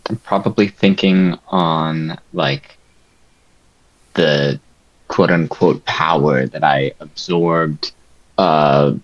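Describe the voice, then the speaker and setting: A man's voice: a bass voice, fairly even intonation, very slow, dull audio. A man playing a tabletop game, describing his character's thoughts hesitantly, searching for words. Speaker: player.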